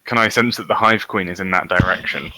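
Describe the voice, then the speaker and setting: Man with a bright voice playing a tabletop game. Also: deep voice, a little fast, no room sound, low-quality recording. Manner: hesitant, asking questions. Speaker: player. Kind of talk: casual tabletop game play.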